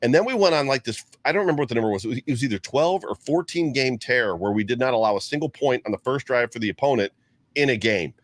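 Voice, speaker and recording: A man co-hosting a casual sports talk show, excitable and rambling as he reads out viewer comments. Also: medium pitch, fast. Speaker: co-host.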